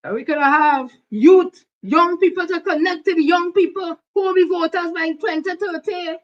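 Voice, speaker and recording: A woman's voice: very high-pitched, moderate pace, lo-fi sound. An older woman with a Trinidadian accent, hosting blunt, heated political commentary. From Trinidad and Tobago. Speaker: host.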